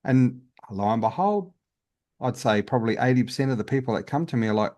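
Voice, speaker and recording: A man's voice: fairly low pitch, animated, fairly quick, a little mellow. A man, a guest healer, telling his story in a casual interview in an earnest, open way with many restarts.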